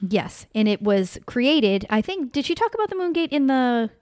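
A woman's voice: high voice, big pitch swings, moderate pace, darkish tone, no room sound, clean studio sound. Chatty woman co-host, laughing easily. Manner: chatty, laughs often, says "anyways". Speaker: podcast co-host. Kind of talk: casual storytelling chat.

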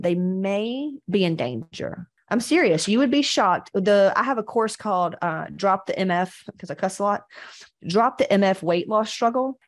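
A woman coaching on weight loss in a blunt, profane, animated motivational talk. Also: mid-range voice.

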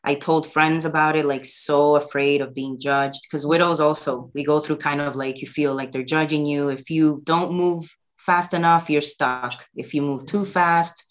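A woman with a notably low voice shares a personal story as a guest. She talks earnestly and from the heart. She sounds middle-aged. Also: fairly even intonation, normal speed, few pauses. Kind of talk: personal conversation.

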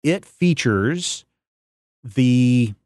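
A man's voice: mid-range voice, expressive, very slow, a little mellow, no room sound, clean studio sound. A man hosting a podcast in casual chat, rambling and searching aloud for names and details. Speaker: podcast host.

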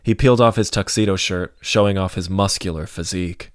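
Deep-voiced male audiobook narrator. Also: fairly even intonation, fairly quick, no room sound, studio quality.

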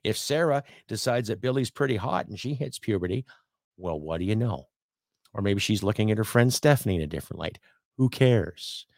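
A middle-aged Canadian man hosting his own podcast, ranting bluntly and profanely, swinging from loud outbursts to low muttering. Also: animated, fairly quick, no echo, studio quality. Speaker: podcast host. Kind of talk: opinionated rant.

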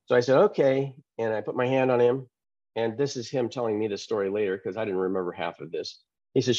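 A man, a pastor and author, telling a testimony in an interview, acting out the quoted dialogue with lively changes of voice. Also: mid-range voice, quick pace, no echo, highs cut off. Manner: animated, acts out quoted dialogue.

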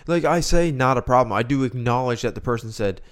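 Young man, podcast co-host, casual rambling chat, smooth clear voice. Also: mid-range voice, brisk. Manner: rambling, restarts and muses aloud.

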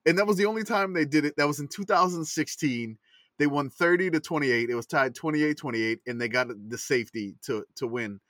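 Man, sports podcast co-host, halting delivery, somewhat high pitch, dry sound. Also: bright, forceful tone, no room sound. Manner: halting, repeats words as he starts. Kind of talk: casual sports chat.

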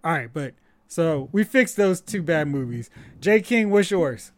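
A man co-hosting a casual movie podcast, opinionated and animated, firing off quick asides. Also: on the high side. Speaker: podcast co-host. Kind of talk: casual chat.

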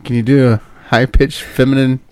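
A man co-hosting a comedy podcast in casual banter, steering the segment with quick restarts and asides. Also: medium pitch, little pitch movement, a crowd in the background. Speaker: podcast co-host.

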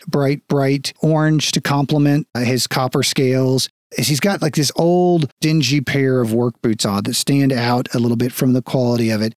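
A man narrating as game master of a tabletop game, relaxed and descriptive. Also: mid-range voice, no room sound, studio quality. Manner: relaxed, descriptive, with small restarts.

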